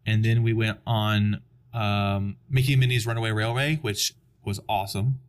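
A man's voice: lowish voice, fairly even intonation, normal speed, clear, resonant tone. A young adult man chatting casually on a podcast, telling a long story and acting out the people in it. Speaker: podcast guest. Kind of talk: casual chat.

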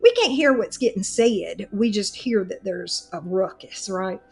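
A woman, telling a comic story on a podcast in a casual, animated way and laughing as she goes. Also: medium pitch, a little slow, vocal fry. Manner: animated, laughs through her own story. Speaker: podcast co-host.

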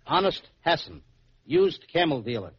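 A man performing 1940s radio comedy in an excitable, childlike, giggly way. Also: on the high side, moderate pace, a little hiss or hum. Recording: dull lo-fi old radio recording.

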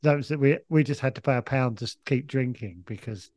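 A man's voice: medium pitch, a little fast, darkish tone, no echo. A man, a comedian guest on a podcast, telling a long stop-start anecdote with plenty of swearing and restarts.

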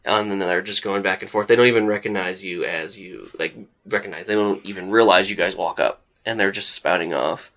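Low-voiced man running a tabletop game. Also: fairly quick, hardly any pauses, a bit bright. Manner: loose, descriptive, heavy with fillers like "like". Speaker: game master.

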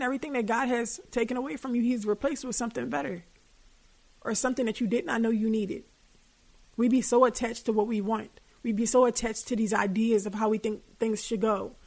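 Young woman, podcast host, higher pitch, candid, swearing, casual monologue. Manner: candid and profane, colloquial.

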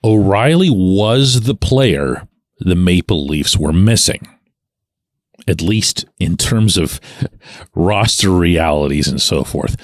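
A man hosting his own sports podcast, giving opinionated commentary in a sardonic, animated way with muttered asides. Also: deep voice, slow pace, no echo, studio quality. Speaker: podcast host and sports columnist.

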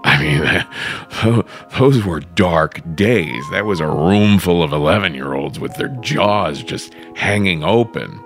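A man telling a stand-up story with a dry, measured delivery. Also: low voice, lively intonation, soft background music. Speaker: stand-up comedian.

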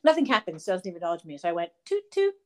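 A woman co-hosting a podcast in casual chat, telling stories in an animated, profane way. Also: on the low side, racing. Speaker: podcast co-host.

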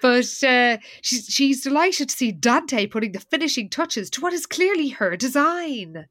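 A woman's voice: high-pitched, expressive, a little slow, fairly bright tone, dry recording. A woman co-hosting a podcast, recapping an episode in casual chat with dry, wry remarks. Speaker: podcast co-host.

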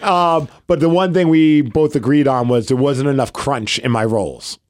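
A man's voice: medium pitch, moderate pace, a little mellow, no echo, clean studio sound. A man in his thirties co-hosting a podcast, telling stories in a rambling casual way with lots of fillers. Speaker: podcast co-host. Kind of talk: casual chat.

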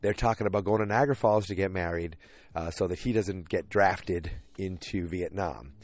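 A man's voice: low-pitched, moderate pace, darkish tone, no room sound. A man casually recapping a TV episode, rambling along with lots of fillers and restarts.

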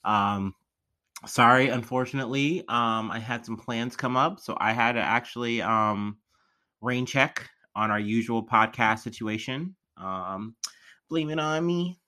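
A young man from the American Midwest hosts a solo podcast in a loose, rambling way. He talks at a middle pitch, and his voice is bright and forceful. He leans on lots of fillers. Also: steady tone, a little slow. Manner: rambling, filler-heavy, chatty. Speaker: podcast host. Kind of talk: casual solo podcast chat.

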